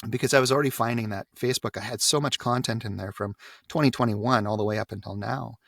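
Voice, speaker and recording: Man, voiceover coach on a podcast. Gravelly tone, dry close sound, casual and chatty. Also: medium pitch, steady tone, fast talker, fairly bright tone, dry recording. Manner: chatty, often tags "right?". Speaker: guest, voiceover coach and group organizer.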